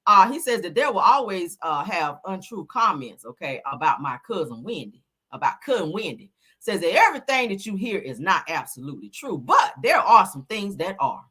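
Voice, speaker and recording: Sassy, animated woman gossip host. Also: fairly low pitch, moderate pace, slightly rough. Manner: animated, sassy, profane, acts out people with voices. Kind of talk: casual gossip commentary.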